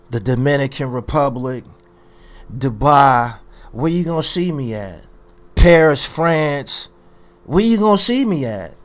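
A man ranting on his own commentary channel, boastful and confrontational, hammering his points by repeating phrases. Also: mid-range voice. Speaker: YouTube commentary host.

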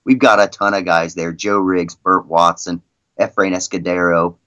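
Deep-ish guy rambling thru stories on a podcast, kinda dull muffled sound. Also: steady tone, normal speed, pushed and bright, dry recording. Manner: rambling, frequent "you know" and "I mean". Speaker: guest, league president. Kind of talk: casual storytelling in a podcast interview.

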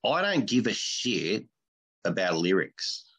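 A man co-hosting a comedy podcast, chatting casually in a blunt, crude, deadpan way. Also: lowish voice, slow, slightly rough. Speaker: podcast co-host.

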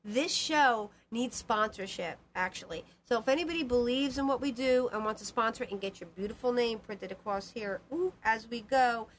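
Woman, psychic show host, higher voice, rambling emphatic chat, faint background hiss. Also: moderate pace, hardly any pauses. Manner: rambling, emphatic, repeats herself. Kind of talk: casual live call-in chat.

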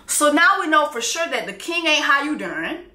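A woman giving a casual, candid TV episode recap with frank, profane, animated storytelling. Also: high-pitched, normal speed, echoey room. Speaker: TV recap vlogger.

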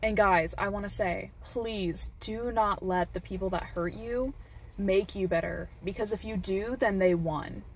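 A woman's voice: medium pitch, unhurried, a little hiss or hum. A woman vlogging in an earnest, heartfelt way, encouraging her viewers and repeating words for emphasis. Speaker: vlogger, parent. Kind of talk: earnest personal talk to camera. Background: faint rain.

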